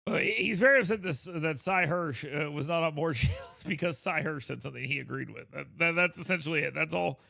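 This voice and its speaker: A male talk host with a gravelly, bright edge to his voice, scoffing and sarcastic as he reacts to clips. The sound is dry and close. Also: a little high, a little fast, hardly any pauses, dry recording. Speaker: radio host. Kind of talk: mocking commentary over clips.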